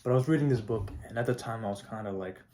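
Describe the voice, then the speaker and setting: A teenage high school student talking casually to camera, swearing often and getting fired up, with lots of filler words. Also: male voice, racing, dark tone, a little hiss or hum. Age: teens. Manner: profane, hyped, heavy "like" and "not gonna lie". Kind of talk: casual vlog monologue.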